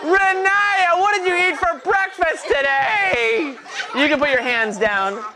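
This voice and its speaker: A woman performing as a children's magician, teasing her young helpers and calling out instructions in lively show patter, recorded live. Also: very high voice, slow pace, heavy background noise. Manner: playful, teasing; commanding, calls out instructions. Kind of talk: interactive kids' show patter.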